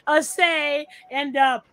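Blunt, profane woman, fairly high voice. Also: steady tone, drawn-out words, fairly bright tone, low-quality recording. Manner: blunt, profane, muttering to herself. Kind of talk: casual chat while sorting files on screen.

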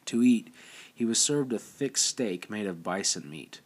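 A man reads a novel aloud in a steady, measured way, sometimes restarting a word. His voice sits on the low side. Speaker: audiobook narrator. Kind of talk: scripted narration.

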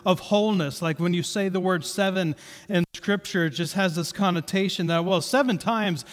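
A man's voice: sits high, moderate pace. A man preaching a sermon in a conversational way, repeating key points for emphasis. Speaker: pastor. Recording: reverberant hall.

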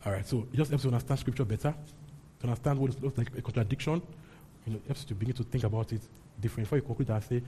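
A man's voice: mid-range voice, rapid-fire, mellow, a little hiss or hum. A man preaching a sermon as pastor, emphatic and often checking in with his congregation. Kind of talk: sermon teaching and prayer.

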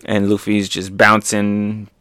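Fairly low in pitch and slow, a man reads through a comic chapter casually as a manga reaction host. The close, dry recording has no room sound, and he stays animated throughout, laughing a lot and throwing in playful sound effects.

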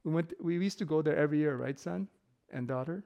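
Joking man preaching, slightly high voice. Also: fast talker, creaky, warm tone. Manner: casual, joking, laughs often. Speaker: pastor. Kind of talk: sermon with personal stories.

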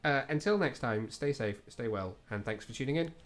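A man hosts a relaxed podcast, talking through a film review in a chatty, self-deprecating way. His voice sits at an ordinary middle pitch, and his talk is full of fillers and restarts. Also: a little fast. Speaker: podcast host. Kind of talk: casual film review chat.

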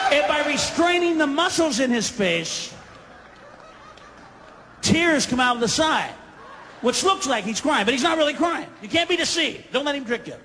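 A man doing a stand-up comedy routine, ranting and swearing, breaking into shouted impressions. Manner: profane, ranting, shouts into high-pitched impressions. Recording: live hall with audience, faint crowd noise.

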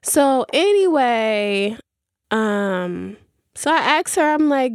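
A young woman hosting a podcast tells a rambling story in casual conversation, full of fillers and asides. Her smooth voice sits on the high side and is animated, and she takes her time. The studio sound is clean, with no room sound.

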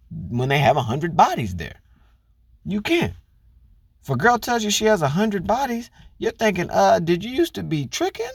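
With a voice on the high side, a relationship commentator gives a casual, blunt, and profane monologue. He talks straight to women listeners, lecturing through pointed rhetorical questions, and the studio-quality recording has no echo.

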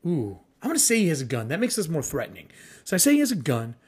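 A man hosting his own podcast, chatting casually about gaming with a husky, slightly breathy voice. His pitch swings widely and he sits a bit high, blunt and cheerfully profane. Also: huge pitch swings, fast, darkish tone. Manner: blunt and swearing, enthusiastic. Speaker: podcast host. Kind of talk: casual solo podcast talk.

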